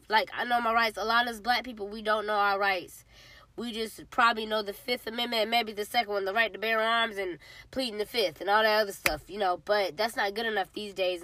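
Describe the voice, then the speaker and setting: Bright-voiced woman giving spoken testimony. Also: a little high, no echo. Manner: animated, emphatic, talks straight to listeners. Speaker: host sharing her testimony.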